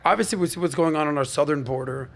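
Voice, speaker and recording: A man from Miami hosting a podcast, telling stories in an animated, emphatic and conversational way. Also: on the high side, quick pace. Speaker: podcast host. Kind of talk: casual panel discussion.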